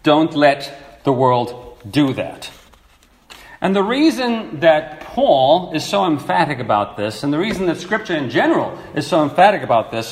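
Slow, lively-voiced man preaching. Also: mid-range voice, roomy sound. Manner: slow, lively teaching with emphatic repetition. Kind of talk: sermon.

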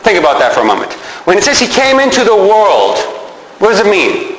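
A man's voice: high voice, huge pitch swings, fairly quick, a bit bright. A man teaching a sermon, asking his listeners rhetorical questions and answering them himself. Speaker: preacher. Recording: echoey hall with faint background noise.

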